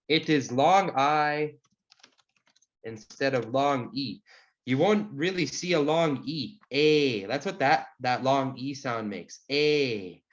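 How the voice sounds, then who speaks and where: Man, language teacher, relaxed rambling talk, muffled call audio. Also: fairly high pitch. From Saskatchewan, Canada. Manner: relaxed, friendly, rambling with fillers. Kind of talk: online class, answering questions. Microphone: video call.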